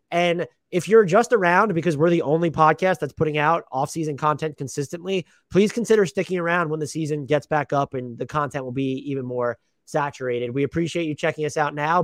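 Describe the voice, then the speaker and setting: A fast-talking man co-hosting a sports podcast, his voice sitting a bit high for a man. He banters in a profane, self-deprecating way, recorded dry and close on a podcast mic. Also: no echo. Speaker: podcast co-host. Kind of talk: casual sports podcast chat.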